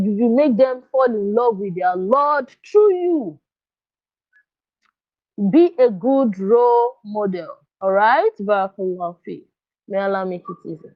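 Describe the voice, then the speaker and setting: A woman coaching parents in a live online workshop, speaking earnestly and coaxingly and checking often that listeners follow her. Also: medium pitch. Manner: earnest, coaxing, often asks "you understand?". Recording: dull lo-fi dry sound.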